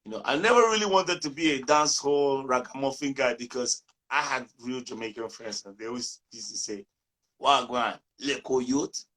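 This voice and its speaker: A man from Nigeria, a musician guest in a casual interview, telling lively stories and acting out quotes. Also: medium pitch, brisk, few pauses.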